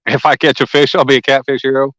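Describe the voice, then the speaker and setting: A man's voice: medium pitch, level tone, quick pace, fairly bright tone, no echo, low-quality recording. A man, hosting a fishing livestream outdoors and chatting casually and folksily with viewers by name. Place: lakeside outdoors.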